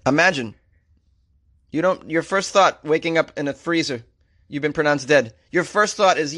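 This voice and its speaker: Comedy guy reading weird news, sarcastic, laughs at his own jokes, voice sits a bit high. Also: moderate pace, a bit bright. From Massachusetts. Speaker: comedy show host. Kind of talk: comedic commentary on odd news stories.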